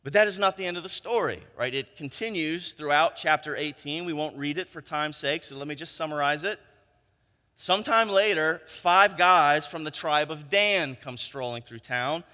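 A male preacher tells a story conversationally, often checking in with his listeners. His voice sits high and sounds bright and forceful, with a long hall reverb around it. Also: normal speed. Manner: conversational storytelling, frequent tag questions. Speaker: pastor. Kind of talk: sermon.

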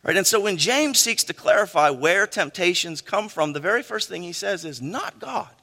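A middle-aged man preaching a sermon, animated, with frequent "right?" asides to the congregation. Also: high-pitched, moderate pace. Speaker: pastor. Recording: long hall reverb.

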